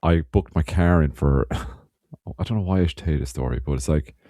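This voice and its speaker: A man's voice: a bass voice, normal speed, dark tone, no room sound, studio quality. An Irish man co-hosting a podcast, rambling through stories in casual chat, swearing and laughing often. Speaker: podcast co-host.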